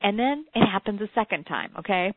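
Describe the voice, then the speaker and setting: A woman co-hosting a talk show, telling an anecdote in a lively way and acting out what people said. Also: medium pitch, a little fast, heavy background noise. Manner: animated storyteller, acts out quotes. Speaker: podcast co-host, former radio interviewer. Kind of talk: casual chat, anecdote. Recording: dry, tinny phone-like sound.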